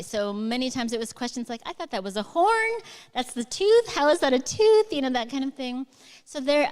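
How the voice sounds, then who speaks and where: Middle-aged woman, enthusiastic rambling storyteller, higher voice, smooth and clear, on stage in a hall with long reverb. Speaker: guest author. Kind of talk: onstage conversation with audience. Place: large hall before a live audience.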